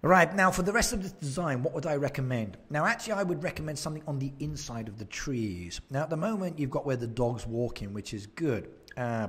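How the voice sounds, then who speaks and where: Speaking into a desk mic at his home streaming setup in Japan, a man casually answers viewer comments on a live game stream and laughs a lot. His voice is mid-range and slightly rough.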